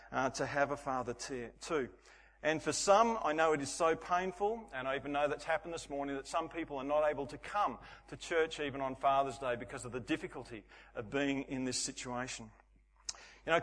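Middle-aged male pastor, slightly high pitch, easy storytelling sermon with jokes, recorded in a reverberant church. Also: fairly bright tone. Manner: storytelling with self-deprecating humor, laughing often. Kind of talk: Father's Day sermon.

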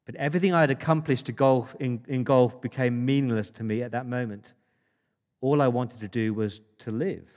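A man's voice: medium pitch, brisk, a little mellow. Male pastor, emphatic sermon delivery with rhetorical questions, reverberant hall sound.

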